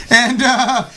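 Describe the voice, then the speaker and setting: High-voiced rambling male interviewer. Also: pushed and bright, slight background noise, poor audio. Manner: rambling, teasing, many fillers. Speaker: interviewer host. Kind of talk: joking wrestling show interview.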